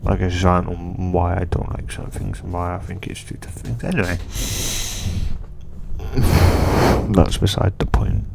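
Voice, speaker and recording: A man's voice: low voice, monotone, brisk, creaky, few pauses, very noisy. A man rambling casually about a fan theory, hesitant and full of restarts. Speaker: fan video creator.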